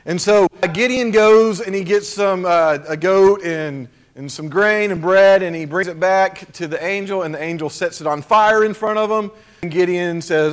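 A man's voice: sits high, normal speed. A male pastor giving a conversational sermon, chatty and jokey, often checking in with "right?" and "okay?". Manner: jokey asides.

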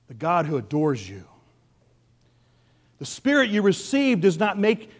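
A man preaches with passion, his voice rising loud and then dropping to a hush. He speaks in a high register. The sound rings with the long reverb of a big hall. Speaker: pastor. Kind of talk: sermon.

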